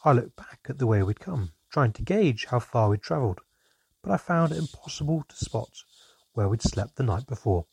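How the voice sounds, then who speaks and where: A man narrating a fantasy storybook in an expressive, measured way. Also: medium pitch, vocal fry, breathy edge, no room sound.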